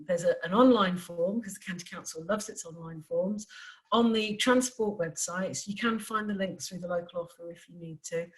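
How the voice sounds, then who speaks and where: A woman's voice: medium pitch, poor audio. Hesitant woman giving a talk. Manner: hesitant, many ums and restarts. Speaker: council adviser on special needs education. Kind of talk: presentation to parents at an event.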